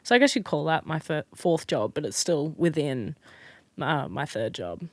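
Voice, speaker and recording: A young Australian woman in casual chat as a podcast guest, telling stories in an animated way with plenty of fillers and restarts. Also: sits low, moderate pace, no room sound. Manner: chatty, animated storyteller with frequent fillers and restarts.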